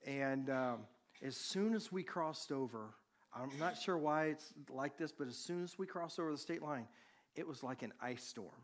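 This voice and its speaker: A man preaching, a pastor telling a personal story to his congregation in a conversational, animated way. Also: on the high side, moderate pace.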